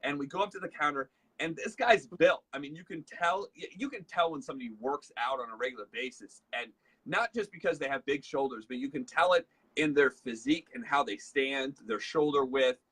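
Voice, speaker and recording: A chatty man hosts a casual leadership talk. His voice is bright and a little husky. He tells stories loosely, full of fillers, and acts out the lines of the people in them. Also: medium pitch, a little fast. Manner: chatty storyteller, acts out dialogue, many fillers. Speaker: host.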